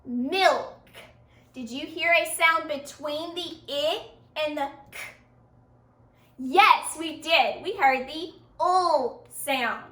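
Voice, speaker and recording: Slow, bright-voiced woman teaching phonics. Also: high-pitched. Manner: slow, stretched-out sounding of words, encouraging praise. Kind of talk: online phonics lesson. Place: room with a board. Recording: echoey room, voice from a distance.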